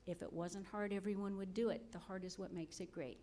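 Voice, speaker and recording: A woman's voice: mid-range voice, steady tone, a little fast, warm tone, slight background noise. A woman on the medical school faculty giving an earnest, motivational ceremony speech into a podium mic, putting questions to the audience.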